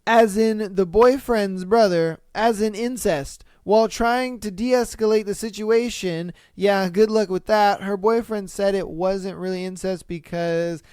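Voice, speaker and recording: Smooth-voiced man, incredulous podcast host. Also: sits high, a little slow, few pauses, no echo, studio quality. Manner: animated, swearing, incredulous commentary. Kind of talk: casual solo podcast reading listener stories.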